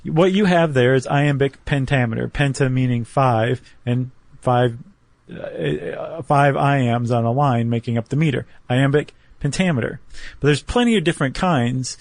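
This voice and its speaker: A man's voice: mid-range voice, normal speed, gravelly, no echo. A man co-hosting a podcast in a casual explanatory chat. His voice sits in a middling register, and he talks things through patiently and pokes fun at himself. The sound is close and dry, with no room around it. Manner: chatty, self-deprecating, explains step by step. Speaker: podcast co-host.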